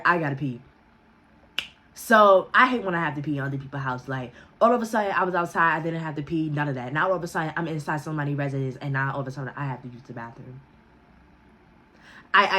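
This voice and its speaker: A young woman vlogger telling a casual story, full of cussing and quick to laugh. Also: sits low. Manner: profane, animated, breaks into laughter.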